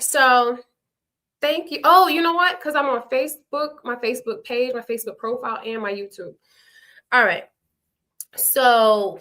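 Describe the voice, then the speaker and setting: A woman's voice: a little high, sharp tone. A young adult woman, a reality show cast member, talking frankly and rambling through an unscripted livestream with casual swearing.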